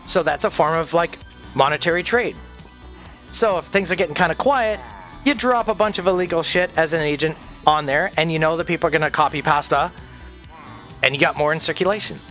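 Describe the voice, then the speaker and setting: A man with a fairly high voice rants through a casual livestream chat, cursing freely and slipping into voices for the people he quotes. Faint music plays under his talk. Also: fairly quick, fairly bright tone. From Canada. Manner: profane, ranting, acts out quoted people. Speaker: streamer. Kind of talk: casual rant while gaming.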